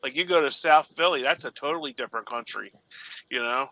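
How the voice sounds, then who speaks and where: Philly-guy joking around on a podcast, super bright voice. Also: medium pitch, no echo. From South Jersey. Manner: jokey, does quick accent impressions. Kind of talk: casual podcast chat.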